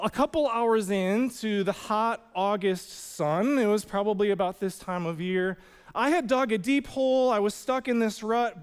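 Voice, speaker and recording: A man with a high, smooth, resonant voice tells a personal story from the pulpit, loose and funny, sprinkling in "like" as he goes. His words ring out with the long reverb of a big church hall. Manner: casual, humorous storytelling with many "like" fillers. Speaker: pastor. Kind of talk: storytelling sermon. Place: church sanctuary.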